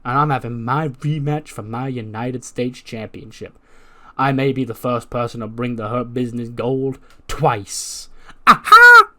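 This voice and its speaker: A man's voice: mid-range voice, fairly even intonation, measured pace, fairly bright tone, close to an everyday voice. A man voicing a brash, cocky male wrestler who speaks in a boastful, mocking way.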